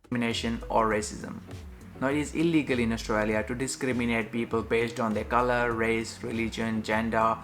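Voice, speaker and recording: A man reading a scripted explainer video in a steady, list-like manner. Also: medium pitch, brisk. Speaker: narrator of a played explainer video. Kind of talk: scripted informational narration. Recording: narration with faint background music.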